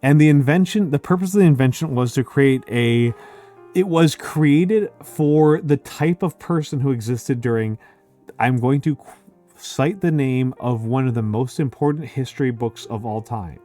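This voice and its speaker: A man's voice: medium pitch, moderate pace, mellow, soft background music. Rambling man lecturing at a hangout. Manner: rambling lecture-like explaining with jokey asides. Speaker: streamer and host. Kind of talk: casual group chat on a stream.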